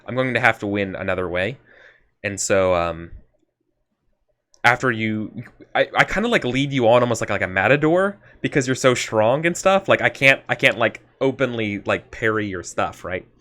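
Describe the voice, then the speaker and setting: Man, bright tone, lowish pitch, casual role-play chatter, lots of fillers. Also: expressive, moderate pace. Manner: rambling, many fillers and restarts. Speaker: player.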